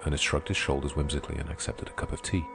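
Low-voiced guy reading an audiobook, steady and measured, soft music behind. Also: vocal fry. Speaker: audiobook narrator. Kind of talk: scripted audiobook narration.

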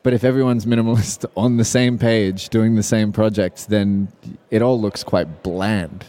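A man's voice: lowish voice, steady tone, moderate pace, mellow. An Australian man hosting a live podcast panel, talking in a hesitant way with many fillers. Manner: hesitant, lots of ums and restarts. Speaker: podcast host. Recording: live show at a pen expo, audience.

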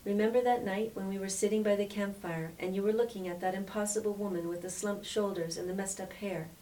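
A woman's voice: mid-range voice, fairly even intonation, brisk, dark tone, natural voice. Blunt, incredulous grown man, read by a woman storyteller; storybook reading, distant mic, light hiss. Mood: teasing. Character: blunt, disbelieving male islander friend.

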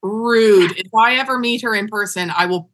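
A woman co-hosting a casual book podcast, gushing and excitable as she reacts to the story. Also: mid-range voice, a little hiss or hum. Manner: excitable, gushing, quick bursts of enthusiasm. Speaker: podcast co-host.

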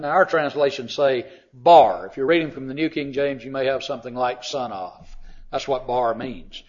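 A man's voice: medium pitch, normal speed. Emphatic preaching man, lo-fi sound. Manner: emphatic, swinging from loud to quiet. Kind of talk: sermon. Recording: dull lo-fi sound.

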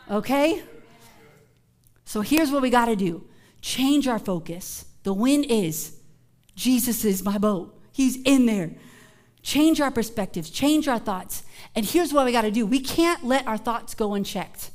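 A woman pastor preaching a sermon in a casual, conversational way, building from hushed moments to emphatic shouts. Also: fairly high pitch, lively intonation, measured pace.

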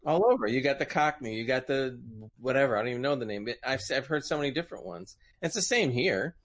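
A man's voice: medium pitch, animated, quick pace, fairly bright tone. A man with a Southern American accent, joking and laughing as a podcast co-host in casual chat. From Southern United States.

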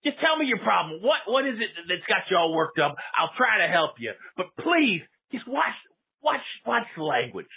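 Gravelly, high-voiced flustered radio host. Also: male voice, big pitch swings, moderate pace, a little hiss or hum. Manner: flustered, pleading, stammers. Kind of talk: comedic call-in show. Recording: phone-like narrow sound.

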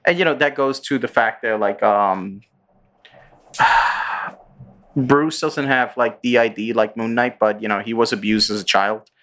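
A man's voice: on the low side, measured pace, a bit bright. A man hosting a podcast, casually recapping a show with lots of fillers and acted-out quotes. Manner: rambling, filler-heavy, acts out character lines. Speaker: podcast host.

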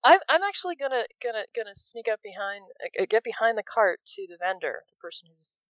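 A woman playing a tabletop game, describing her character's moves with halting restarts and frequent laughter. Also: a little high, big pitch swings, fairly bright tone, no room sound. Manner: giggly, halting, stammering. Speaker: player. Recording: slightly dull, dry sound.

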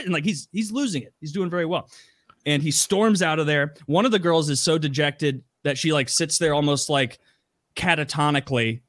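A man telling a story in relaxed, rambling talk, padding it with fillers and curse words. His voice sits a bit above the usual male pitch, and the sound is dry and close with no room echo. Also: brisk. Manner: rambling, many "like" fillers, swears freely. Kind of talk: casual storytelling chat.

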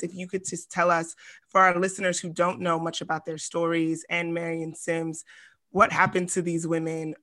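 A woman's voice: lowish voice, sharp tone. A woman hosting a podcast in a casual, chatty, friendly way. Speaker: podcast host.

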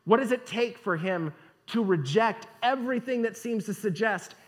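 A man's voice: high-pitched, expressive, normal speed. A man preaching a sermon, asking rhetorical questions and reading scripture aloud.

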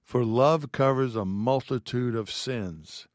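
Reading passages of scripture between his own heartfelt thoughts, a man teaches the Bible slowly and earnestly. His voice is at a typical middle pitch, captured close up in a dry recording with no room sound.

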